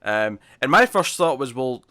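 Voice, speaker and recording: A man's voice: mid-range voice, big pitch swings, moderate pace, bright, forceful tone, dry recording, studio quality. A man with a British accent co-hosting a casual comic book review podcast, enthusiastic and quoting characters' lines as he talks. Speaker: podcast co-host.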